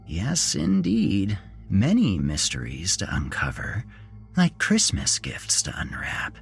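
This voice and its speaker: A man's voice: lowish voice, huge pitch swings, slow pace, vocal fry, faint music behind, voice pushed up, full character voice. A man voicing a cheerful, creepy grown man who swings from jolly chatter to a hissing whisper. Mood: hissing menace. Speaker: storyteller. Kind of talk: horror story narration.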